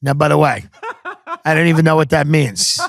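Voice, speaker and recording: A man hosting a podcast, telling a comedic story in an animated, profane style packed with voices and impressions. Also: a little high, normal speed, creaky, dry recording, studio quality. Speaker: podcast host.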